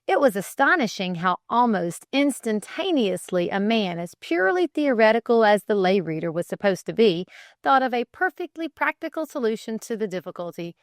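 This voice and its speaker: A woman narrating an old-fashioned story as an audiobook, in an expressive, theatrical manner. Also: mid-range voice, normal speed, dry recording, studio quality.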